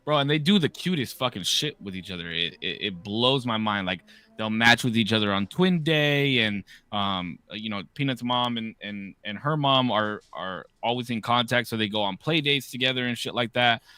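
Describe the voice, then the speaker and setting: A man in his thirties hosting a podcast, telling stories in a casual, profane, animated way. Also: mid-range voice, moderate pace, clear, resonant tone, no echo. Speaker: podcast host. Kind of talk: casual chat.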